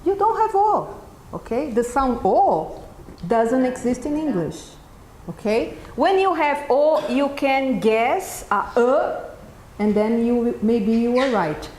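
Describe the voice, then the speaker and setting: Slow Brazilian woman teaching teachers. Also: on the high side, sing-song, darkish tone. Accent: Brazilian Portuguese. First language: Portuguese. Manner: keeps checking in with "okay?" after each point. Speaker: teacher trainer presenting a workshop. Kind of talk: live workshop talk to teachers. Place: event room with an audience. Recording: echoey room with faint background noise.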